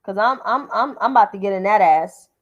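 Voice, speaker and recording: A woman's voice: mid-range voice, fairly quick, muffled recording. A woman hosting a livestream of political commentary, combative and profane, repeating names for emphasis.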